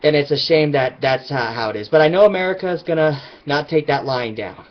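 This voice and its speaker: A man's voice: fairly high pitch, brisk, lo-fi sound. A man vlogging his opinions in a rambling, emphatic casual rant.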